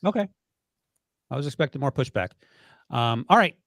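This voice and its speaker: A man hosting a sports podcast, leading the chat with quick, teasing back-and-forth. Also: mid-range voice, animated, gravelly, a bit bright, no room sound. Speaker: podcast host.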